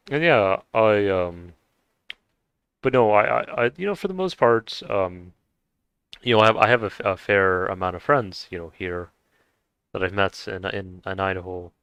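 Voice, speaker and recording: A young man from the United States talks through a casual personal monologue in a very low, smooth voice. He stumbles and restarts often, and the close, dry recording keeps him right up front. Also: a bit bright, no room sound. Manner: halting, many restarts and fillers. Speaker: vlogger.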